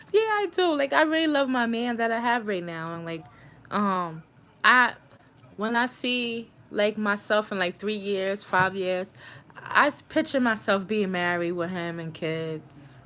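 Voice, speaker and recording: A young woman hosting her own livestream, telling a personal story in a casual, animated way. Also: mid-range voice, unhurried. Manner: animated, acts out quoted voices. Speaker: livestream host.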